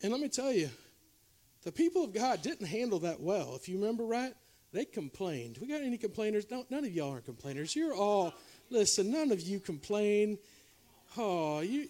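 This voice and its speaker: High-pitched preaching man. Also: very animated, moderate pace. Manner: preaching with shifting loudness, from shouting highs to quiet confessional lows; conversational asides to the congregation. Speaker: pastor. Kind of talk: sermon. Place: church revival service.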